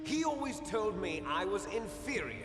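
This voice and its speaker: A man's voice: sits high, sing-song, normal speed. A man voicing a vengeful villain with a menacing, theatrical delivery, set to game music. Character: vengeful villainous man, bitter toward his father. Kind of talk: video game voice acting.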